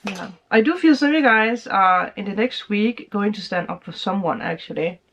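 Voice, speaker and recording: A woman with a mid-range, slightly bright voice at normal speed gives a casual tarot reading. She's chatty, a native Danish speaker, and laughs often while acting out people's reactions. The lo-fi recording sounds slightly dull.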